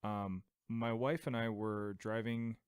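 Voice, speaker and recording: A man's voice: on the low side, fairly even intonation, takes it slowly, clean tone, no room sound. A young adult man co-hosting a podcast in casual chat, rambling and laughing as he tells a story. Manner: rambling, laughs often, tries out silly accents. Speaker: podcast co-host.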